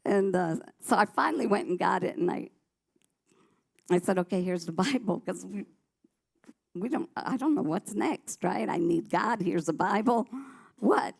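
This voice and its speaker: A woman's voice: medium pitch, lively intonation, normal speed, vocal fry, pauses often, breathy edge. A woman sharing her personal testimony on a church talk show, telling her story vividly and animatedly, often restarting her sentences.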